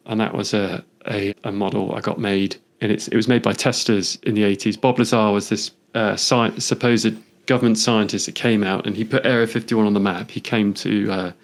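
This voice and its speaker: A man with a somewhat low voice speaks in a relaxed, conversational interview. He is a photographer who reflects on his pictures, wandering from thought to thought and thinking aloud. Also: normal speed, few pauses.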